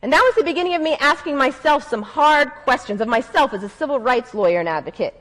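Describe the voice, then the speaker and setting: A woman with a high voice gives an earnest, reflective talk. She speaks as a civil rights lawyer recounting an experience from her own work. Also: lively intonation, quick pace, fairly bright tone, poor audio. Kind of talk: speech storytelling.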